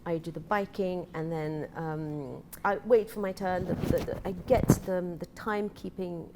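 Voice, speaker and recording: A woman guest on a talk show telling an animated story, acting out her own thoughts and laughing often. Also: on the low side, normal speed, heavy background noise. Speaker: event participant guest. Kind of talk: casual talk show chat.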